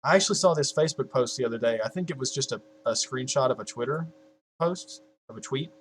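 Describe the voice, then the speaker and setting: A man's voice: mid-range voice, quick pace, a little hiss or hum. A man of twenty-one chatting casually to his viewers from a home setup, rambling, swearing freely and laughing at his own jokes. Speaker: YouTuber.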